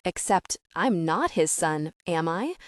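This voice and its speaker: A woman's voice: fairly low pitch, lively intonation, slow pace, no echo. A woman reading the lines of a bitter, guarded eighteen-year-old man who answers in short, sarcastic bursts. It sounds like an audiobook read close and dry. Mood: bitter, ashamed. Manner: terse, sarcastic.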